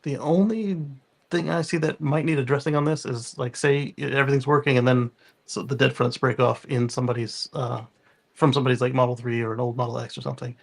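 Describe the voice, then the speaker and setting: A man's voice: medium pitch, fairly even intonation, fairly quick, gravelly. A man co-hosting a podcast, chatting casually and rambling with many restarts. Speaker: podcast co-host. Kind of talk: casual panel chat.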